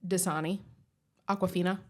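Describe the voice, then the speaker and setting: A woman's voice: lowish voice, steady tone, moderate pace. A woman in her thirties co-hosting a podcast, chatting casually, laughing often and explaining things patiently. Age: 30s. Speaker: podcast co-host. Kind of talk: casual chat.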